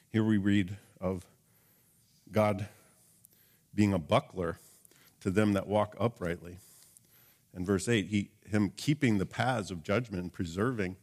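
Earnest lower-voiced male preacher. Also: a little mellow. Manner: earnest, asks the congregation rhetorical questions. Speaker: pastor. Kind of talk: sermon.

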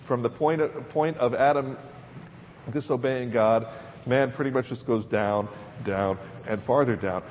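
A man's voice: medium pitch, unhurried, darkish tone, slight background noise. A man preaching a sermon to a congregation in a chatty, emphatic way, repeating words for stress. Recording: dull lo-fi recording in a large hall.

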